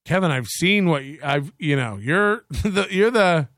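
A man's voice: fairly high pitch, animated, a little slow, a bit bright, no room sound, studio quality. Sarcastic, foul-mouthed male livestream host. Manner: sarcastic, profane, rambling; thanks viewers for donations. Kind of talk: casual solo livestream rant.

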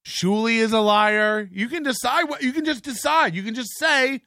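A man's voice: high-pitched, expressive, moderate pace, gravelly, hardly any pauses, pushed and bright, no room sound, studio quality. A man hosting a livestream, ranting angrily with mocking, profane jabs. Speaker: livestream host.

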